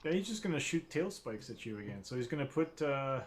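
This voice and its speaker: A man running a tabletop game as game master, talking in a relaxed, halting way with many restarts. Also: medium pitch.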